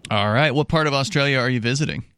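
Relaxed male talk radio host, dry sound. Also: medium pitch, quick pace, clean tone, dry recording. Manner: loose, conversational, with fillers and restarts. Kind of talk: casual talk radio with reads. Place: radio studio. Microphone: studio mic.

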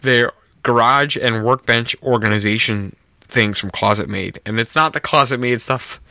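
At normal speed and medium pitch, with no echo, a man from North America co-hosts a podcast. He chats casually and tells rambling stories, livening up as they unfold.

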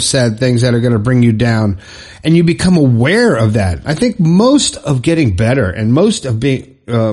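A man's voice: a little high, a little mellow, slightly rough. A middle-aged man hosting a solo podcast, giving advice in a casual, conversational way and chuckling at himself now and then. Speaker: podcast host.

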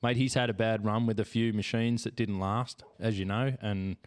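An Australian man hosts a casual podcast in a voice that sits slightly low. He rambles through his questions and keeps padding them with "you know" while he talks things over with his guests. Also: steady tone, moderate pace. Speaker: podcast host. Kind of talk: casual chat.

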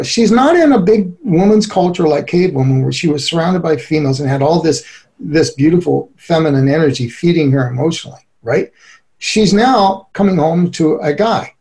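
A middle-aged man giving an earnest, animated interview as a relationship expert, often breaking into laughter. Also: fairly high pitch. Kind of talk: conversational interview.

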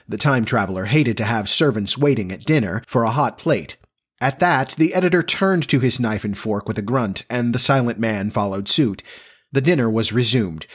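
Male narrator for a period novel audiobook, measured and steady, mid-pitched. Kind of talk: audiobook reading of a classic novel.

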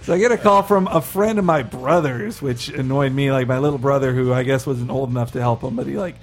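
A man's voice: medium pitch, a little fast. A man co-hosting a podcast, telling a rambling, profane anecdote in casual chat, laughing as he goes. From Florida. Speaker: podcast co-host.

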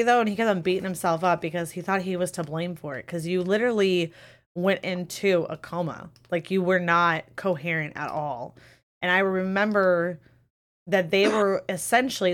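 A woman's voice: fairly low pitch, a bit bright. Candid young woman hosting a podcast. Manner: candid and swearing, storytelling with emotion. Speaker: podcast host. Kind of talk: casual chat. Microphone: webcam or desk mic on a live stream.

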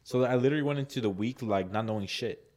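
A man's voice: mid-range voice, fast talker, a little mellow. A man co-hosting a podcast, telling a story in a rambling way with lots of "like"s and acted-out quotes. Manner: rambling, many "like"s, laughs a lot, acts out quotes. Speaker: podcast co-host. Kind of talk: casual storytelling chat.

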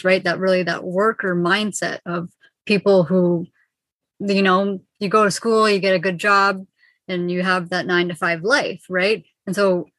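Calm, soothing young woman from Ontario. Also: medium pitch, no room sound. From Ontario, Canada. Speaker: guest, mindset coach. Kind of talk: interview over video call. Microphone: video call.

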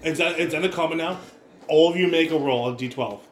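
Stammering game master in a roomy room. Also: male voice, on the high side, brisk. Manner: stammering restarts while describing scenes. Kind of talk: narrating a tabletop game. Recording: roomy echo, light background noise.

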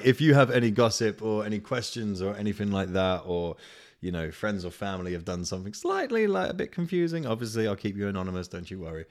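A man hosting a podcast, telling a funny story in a rambling, casual way, swearing often and laughing as he goes. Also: low-pitched. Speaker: podcast host.

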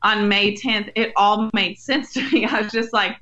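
A young woman speaks with a bright, tense edge, sharing her faith story in an earnest, storytelling way with small laughs. Her audio sounds a bit muffled and lo-fi. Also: mid-range voice, steady tone, normal speed, few pauses. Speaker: podcast guest, women's ministry leader. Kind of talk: faith-based interview conversation.

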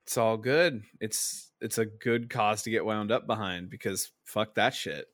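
A man's voice: fairly low pitch, measured pace, a bit bright, no room sound, clean studio sound. A man co-hosting a casual podcast, talking bluntly and swearing casually. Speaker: podcast co-host.

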